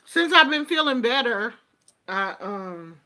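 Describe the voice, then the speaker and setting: A woman's voice: fairly high pitch, big pitch swings, takes it slowly, pushed and bright. A woman chatting casually to her viewers, with a Black way of speaking, telling stories and laughing often. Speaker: vlogger.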